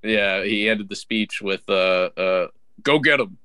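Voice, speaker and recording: A man's voice: lowish voice, unhurried, smooth, no room sound. Young guy cohosting a podcast, swears constantly, rambly and worked up, dry close sound. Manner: profane, rambling and excitable. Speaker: podcast co-host. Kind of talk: casual podcast banter.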